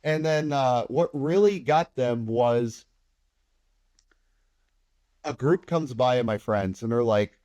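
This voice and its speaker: A man talking casually as a podcast guest, telling stories with lively energy and slipping into other people's voices as he quotes them. His voice sits at an ordinary pitch, and the sound is dry and close, with no room echo. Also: slow, pauses often. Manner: animated, acts out other people's remarks, swears casually. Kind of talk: casual anecdotal storytelling.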